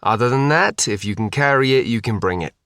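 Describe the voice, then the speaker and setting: A man's voice: medium pitch, animated, fast talker, vocal fry, a bit bright, no room sound, clean studio sound. A man voicing a long-suffering uncle in an audiobook. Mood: weary. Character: older man, weary, patient uncle.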